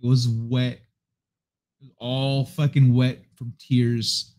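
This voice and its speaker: A man's voice: mid-range voice, level tone, takes it slowly, darkish tone. A man hosting a livestream from his apartment living room, chatting casually to viewers at a desk microphone in a rambling, laid-back way with plenty of swearing. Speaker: livestream host.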